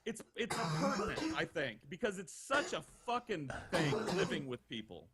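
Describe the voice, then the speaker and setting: Animated, profane young man telling a story. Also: a little high, moderate pace, a loud crowd. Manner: animated, profane, acts out quoted voices. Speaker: podcast regular telling stories. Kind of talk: casual storytelling.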